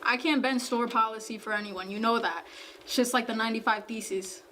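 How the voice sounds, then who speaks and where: A woman's voice: fairly high pitch, fairly quick, sharp tone, a little hiss or hum. A woman voicing a strict store manager in a cartoon, curt and dismissive. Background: music.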